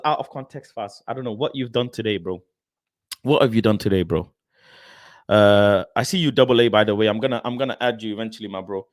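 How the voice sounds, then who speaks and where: Expressive young man chatting on a stream. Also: medium pitch, no room sound, clean studio sound. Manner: animated, expressive, laughs often, addresses viewers by name. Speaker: livestream host reading chat. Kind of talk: casual livestream chat.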